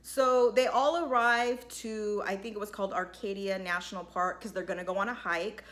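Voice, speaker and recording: A woman's voice: medium pitch, steady tone, moderate pace, fairly bright tone. A woman giving a chatty, casual recap of a reality show, peppered with "like" and "you know". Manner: chatty, lots of "like" and "you know", acts out quotes. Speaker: recap vlogger.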